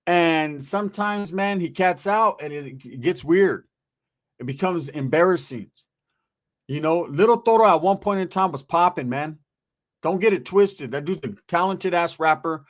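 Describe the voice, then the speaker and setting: Streetwise middle-aged male commentator, fairly high voice for a man, profane, rambling delivery. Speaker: host, commentator.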